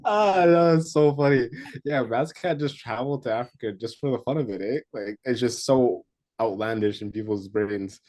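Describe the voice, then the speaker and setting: A young man hosting a casual chat who reacts to the stories with quick asides and frequent laughs. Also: medium pitch, a little mellow, no room sound. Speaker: podcast host.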